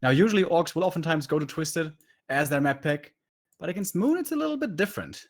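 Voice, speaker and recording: Lively, analytical male game caster. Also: a little high, fast talker. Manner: analytical, critiques play in detail. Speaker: esports caster. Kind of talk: live game commentary.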